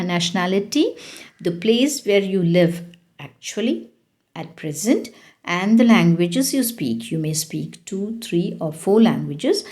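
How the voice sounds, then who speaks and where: A woman's voice: on the low side, a little mellow. A woman teaching a French lesson online, patiently repeating answers and putting questions to her class.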